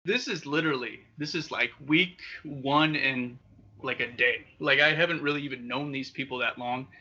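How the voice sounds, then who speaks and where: Profane, bright-voiced young man telling stories. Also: medium pitch, normal speed. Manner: profane, animated, laughs often. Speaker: podcast host. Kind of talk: casual storytelling. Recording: dull lo-fi sound.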